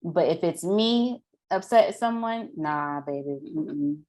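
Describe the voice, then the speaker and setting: Sassy low-pitched woman chatting. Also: expressive, measured pace, darkish tone. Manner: playful, sassy, laughs often. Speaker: podcast co-host. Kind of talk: casual chat.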